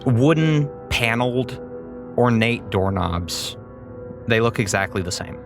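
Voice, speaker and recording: A man narrating a tabletop game as game master, relaxed with halting descriptions. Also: mid-range voice, music in the background.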